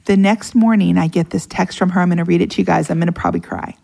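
A middle-aged woman tells a story on a podcast with a gravelly edge to her voice. She talks in an animated, emotional way and brings other people's words to life as she goes. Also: lowish voice, fast talker. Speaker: podcast guest. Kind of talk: casual storytelling conversation.

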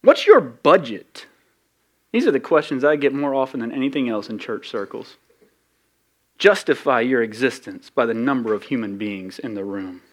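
A man preaching a sermon as pastor, conversational and animated, rising to loud peaks and dropping low. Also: normal speed.

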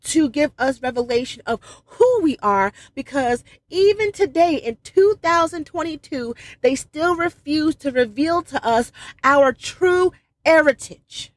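A woman's voice: high voice, lively intonation, unhurried, no echo. A woman giving a fervent spiritual address to followers, emphatic and repetitive, with brief laughs at herself. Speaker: religious video speaker.

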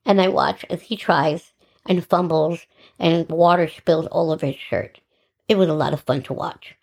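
A middle-aged woman hosting a podcast, telling her own story in an animated, sarcastic way and acting out the dialogue. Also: sits low, moderate pace, vocal fry. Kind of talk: personal storytelling monologue.

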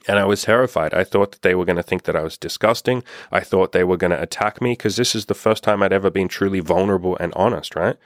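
Blunt deep-voiced man, dry close sound. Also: quick pace, hardly any pauses, no echo. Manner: blunt, profane, impassioned. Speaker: dating coach. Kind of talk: casual vlog monologue.

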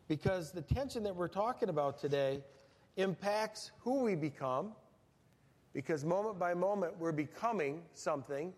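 A man's voice: high voice, darkish tone. A middle-aged male pastor preaching a sermon in a church, folksy and humorous, telling stories with animation. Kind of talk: sermon with storytelling. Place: church sanctuary. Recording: church hall reverb.

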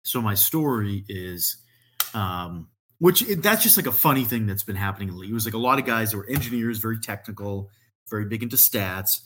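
A man's voice: fairly low pitch, lively intonation, brisk, slight background noise. A man, a podcast guest, telling a rambling story in casual chat, full of "like" and frequent laughter.

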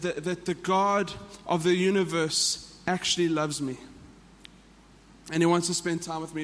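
A man's voice: sits high, a bit bright, long reverb tail. A man with a South African accent, preaching a sermon to a church in an earnest way that often repeats and restarts phrases. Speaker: pastor.

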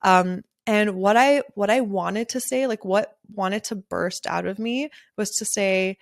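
Woman podcaster, casual solo talk, candid and laughing, mid-pitched voice, close dry mic. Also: takes it slowly, no echo. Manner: candid and chatty, laughs often, swears freely. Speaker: podcast host and wedding photographer.

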